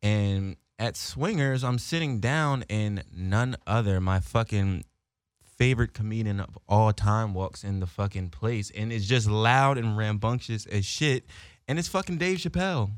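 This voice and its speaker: A man's voice: fairly low pitch, a little slow, smooth, no echo. A young man, a podcast co-host, telling a story in casual chat, swearing and acting out the voices of people he quotes.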